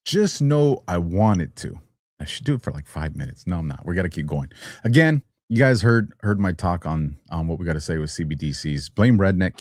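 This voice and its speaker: Male livestream host, low and lively voice, dry close mic, teasing and quick to laugh. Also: dry recording. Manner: animated, teasing, laughs often. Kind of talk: casual livestream talk.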